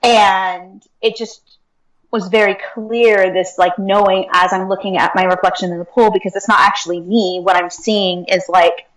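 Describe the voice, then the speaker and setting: A woman's voice: medium pitch, steady tone, moderate pace, poor audio. A woman speaking as an interview guest, talking earnestly in a casual way with many fillers like "like" and "um". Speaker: guest, akashic records reader and teacher.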